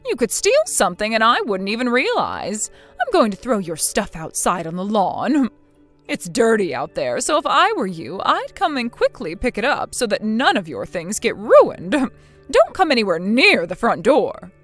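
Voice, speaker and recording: A woman voicing a spiteful, domineering older mother-in-law in a scripted text-message drama, scolding harshly and loudly. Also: on the high side, huge pitch swings, normal speed, soft background music, full character voice.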